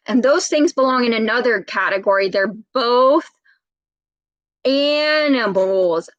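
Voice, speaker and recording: A woman speech therapist leads a read-aloud lesson, patient and questioning. Her voice is fairly high and she talks very slowly. The sound is dry and close. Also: dry recording, highs cut off. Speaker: speech therapist reading to children.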